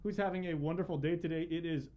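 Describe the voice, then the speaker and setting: A man's voice: a little high, steady tone, fast, a little mellow. A man co-hosting a morning radio show, easygoing as he reads out listener comments. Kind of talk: casual morning show banter.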